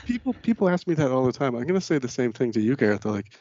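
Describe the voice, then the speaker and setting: A man's voice: mid-range voice, sing-song, very fast, a little mellow, dry recording, muffled recording. A talkative American man who is a guest on a podcast. He chats casually and rambles, with lots of fillers and restarts. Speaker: podcast guest, managing director. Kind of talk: casual interview chat.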